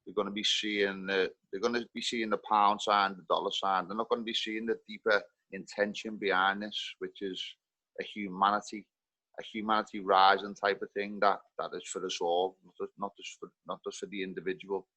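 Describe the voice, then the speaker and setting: A man with a Liverpool accent speaking earnestly on a group video call, halting with many restarts. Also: on the low side, little pitch movement, bright, forceful tone, no room sound, poor audio. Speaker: community participant.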